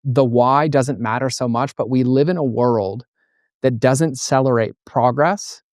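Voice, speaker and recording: Middle-aged male interview guest, animated storyteller, mid-pitched voice, dry close sound. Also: a little slow, dry recording. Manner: animated storyteller acting out dialogue. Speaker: guest, entrepreneur and coach. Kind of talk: conversational interview.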